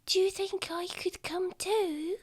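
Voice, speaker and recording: A woman voicing a curious, sneaky little girl in whispered role-play, speaking in a soft hushed whisper. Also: very high voice, steady tone, slow pace, pitched above the performer's own voice. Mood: eager whisper.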